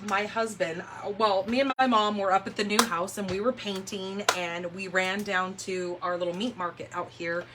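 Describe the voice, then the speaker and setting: A woman's voice: medium pitch, noisy background. A woman from California hosting a crafting livestream from a room at home, chatting casually and telling rambling stories while she works. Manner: chatty, rambling storyteller who laughs easily. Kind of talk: casual chat while demonstrating paper crafts.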